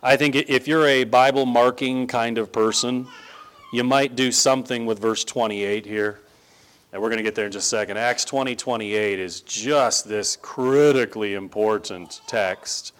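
A man preaching a sermon in a conversational style that builds to emphatic, animated stress. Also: medium pitch, moderate pace. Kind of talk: sermon teaching.

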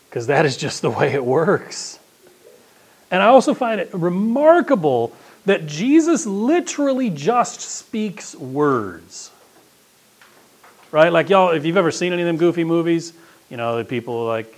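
Brief: male preacher with a twang, mid-pitched voice, folksy and conversational, swings between big emphatic peaks and hushed asides. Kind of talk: sermon.

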